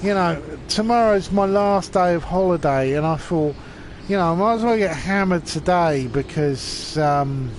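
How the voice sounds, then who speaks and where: A man's voice: high-pitched, a little slow, slight background noise. A drunk man in his forties rambling and swearing while streaming a game. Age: 40s.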